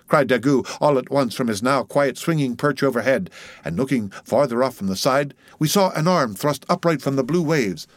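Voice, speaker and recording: In a dry recording, a mid-range male voice narrates an audiobook of a classic novel. His delivery is measured and dramatic, like a storyteller.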